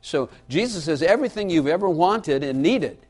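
A man's voice: fairly high pitch, lively intonation, normal speed. A man preaching a sermon in a folksy way, repeating his key lines for emphasis and asking the audience questions. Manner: folksy storytelling with asides to the audience.

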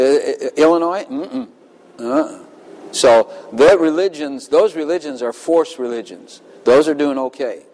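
Impassioned preacher in a reverberant hall. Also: male voice, fairly high pitch, darkish tone. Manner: impassioned, emphatic preaching with dramatic Bible readings. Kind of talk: sermon.

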